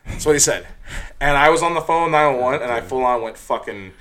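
A man's voice: mid-range voice, expressive, fast talker, pushed and bright. A man casually telling a long story from his nightlife job, profane and rambling, full of fillers, getting heated as he retells it.

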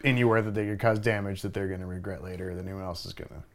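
A young adult man, a bartender, telling a story in casual chat, swearing freely and loudly acting out what he said. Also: low voice, very fast. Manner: animated, swears freely, loudly acts out his own quoted lines.

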